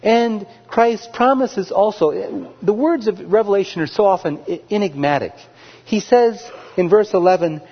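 A man's voice: high voice, lively intonation, slightly rough, lo-fi sound. Preaching man in a reverberant hall. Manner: measured, emphatic preaching with repeated phrases. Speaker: pastor. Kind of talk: sermon.

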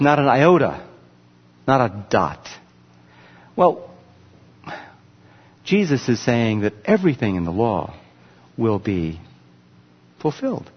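In a husky, medium-pitched voice, a preacher teaches with emphasis, directing attention to a screen with a laser pointer. The audio is muffled and echoes with extended hall reverb.

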